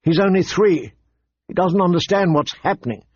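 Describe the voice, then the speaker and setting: A man's voice: high voice, expressive, moderate pace, darkish tone, husky, no echo, muffled recording, voice pushed up. A man reading aloud, voicing a fourteen-year-old lord who speaks urgently and strains under his burden. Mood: urgent strained.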